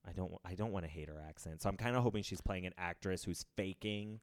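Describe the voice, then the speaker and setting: Man, 30s, very low voice, rambling casual talk, laughs a lot. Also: fast talker, smooth, no echo, clean studio sound. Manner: rambling, laughs often, trails off into fillers. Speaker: podcast co-host. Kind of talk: casual chat.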